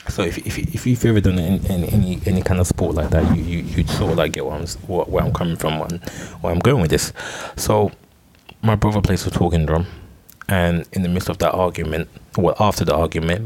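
A young man telling a long, rambling story alone on his podcast. He stumbles over and repeats words and swears freely. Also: low-pitched. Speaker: podcast host.

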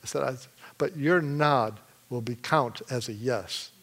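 A man from Michigan giving a testimony in a sermon, telling his story with animated energy and frequent laughs. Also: medium pitch, a little slow. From Michigan, USA.

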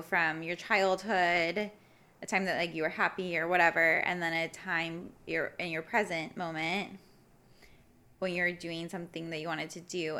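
Young woman, casual guest, lower voice, rambling and reflective. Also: gravelly, bright, forceful tone. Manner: reflective, many fillers and restarts. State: briefly emotional. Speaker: podcast guest. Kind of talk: casual conversation.

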